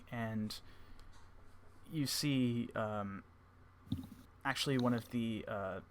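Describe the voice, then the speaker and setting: A man narrating a tabletop game as game master, halting with many fillers. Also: medium pitch, a bit bright, a little hiss or hum. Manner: hesitant, many filler words.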